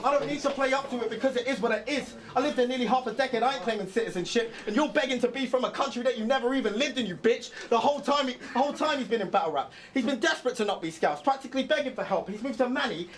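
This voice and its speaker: A man's voice: very high voice, rapid-fire, hardly any pauses, fairly bright tone. A man performing a battle rap verse, mocking his opponent with punchy bars and laughing between lines, from a noisy clip. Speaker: battle rapper.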